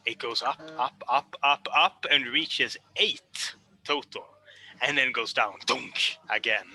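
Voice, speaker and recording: A man narrating as game master of a tabletop game, lively and animated. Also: medium pitch, slow, breathy edge, faint music behind, low-quality recording.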